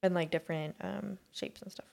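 A woman's voice: lowish voice, fairly even intonation, brisk, vocal fry, a little mellow. A woman co-hosting a podcast, chatting casually and rambling with many fillers and restarts. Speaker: podcast co-host. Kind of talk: casual chat.

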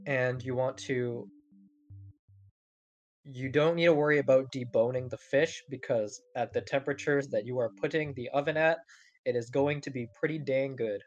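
Foul-mouthed podcast co-host, mid pitch, rambly and giggly, casual chat. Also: normal speed. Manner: profane, rambling, laughs often.

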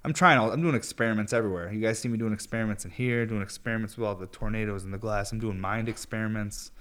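A man's voice: on the low side, fast, a bit bright. A young man in a casual, rambling monologue, laid-back and profane, joking at his own expense. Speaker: vlogger.

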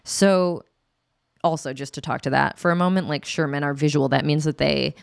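Low, gravelly woman chatting candidly. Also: steady tone, moderate pace, dry recording, studio quality. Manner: candid, chatty, acts out quotes with laughs. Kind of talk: casual educational talk to camera.

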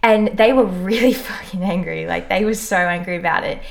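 A woman's voice: lowish voice, fairly quick, vocal fry. A young woman guest in a casual chat, telling a story chattily with swearing and giggles.

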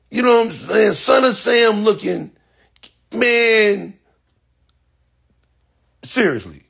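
A man's voice: fairly high pitch, creaky, husky. A man ranting bluntly and profanely to his viewers in casual talk, repeating "you know what I'm saying" and breaking into laughter often. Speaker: social media personality.

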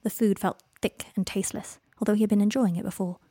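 A woman reads a fan fiction story aloud in an expressive narrating voice. Her pitch sits in a middle range for a woman. The recording is close and completely dry. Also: fast talker, husky, no echo. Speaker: reader. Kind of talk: fan fiction audiobook reading.

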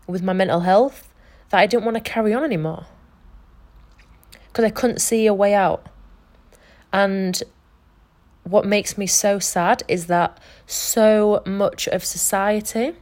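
A woman's voice: mid-range voice, darkish tone. A young woman talks straight to her podcast listeners in an unscripted motivational monologue. She is earnest and emphatic and swears freely, and her voice sits in an ordinary middle register for a woman. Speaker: podcast host and life coach.

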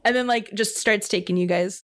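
A woman's voice: mid-range voice, fairly quick, fairly bright tone. A woman narrating as dungeon master in a tabletop game, casual and laid-back.

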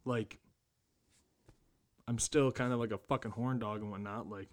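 A man's voice: fairly low pitch, steady tone, normal speed. A tired young man co-hosting a podcast, telling a crude story in casual chat and laughing often. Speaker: podcast co-host.

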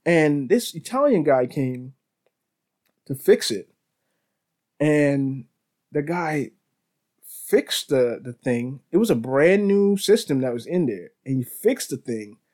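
A man's voice: a little high, expressive, slow pace, pauses often, a little mellow. A man hosting a podcast, telling casual stories in a rambling way with restarts, laughter and "bro". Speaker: podcast host. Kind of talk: casual storytelling.

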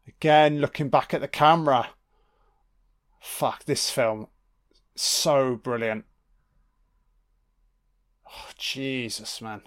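A man giving a casual watch-along film commentary, full of excitable, profane reactions. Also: medium pitch, clear, resonant tone.

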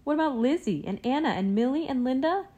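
A woman's voice: high-pitched, expressive, fast talker, dark tone, slightly rough, muffled recording, voice pushed up. A woman voicing a teasing boy bear cub in a storybook reading.

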